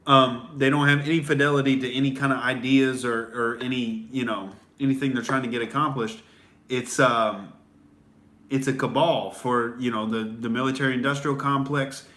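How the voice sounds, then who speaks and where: A young comedian host delivers a profane, sarcastic political rant on a livestream, rambling with fillers. His mid-range voice is steady and sharp, moving at a moderate pace.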